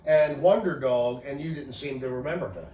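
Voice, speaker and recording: A man's voice: mid-range voice, moderate pace, dark tone, slight background noise. A middle-aged man co-hosting a casual countdown in a bar, joking and rambling as he goes. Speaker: co-host. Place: bar with live audience. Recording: echoey room from far off, faint ambience.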